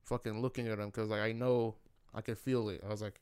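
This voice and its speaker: Fast-talking young man telling a story. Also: fairly low pitch, flat delivery, a little mellow, smooth, dry recording, studio quality. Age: young adult. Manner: rambling, heavy swearing, slangy. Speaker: podcast co-host. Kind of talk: casual storytelling chat.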